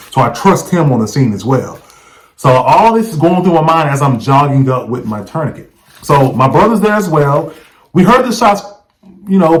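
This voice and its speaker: His voice sits a little high, and the audio is poor. He's a man vlogging a casual first-person story, chatting conversationally and frequently checking in with whoever's watching.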